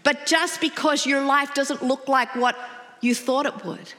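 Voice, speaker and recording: Animated woman preaching in a big hall. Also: sits high, unhurried. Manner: conversational, animated storytelling. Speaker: pastor. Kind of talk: sermon with personal story. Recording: long reverb of a large hall.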